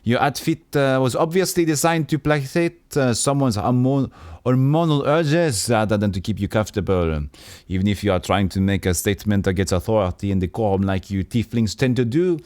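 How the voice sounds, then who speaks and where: Guy playing a stuck-up middle-aged tailor, scolding and prissy, bit raised pitch. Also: animated, fairly quick, a little mellow, no echo, lightly acted. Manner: primly scolding and condescending. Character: prim, haughty middle-aged male tailor.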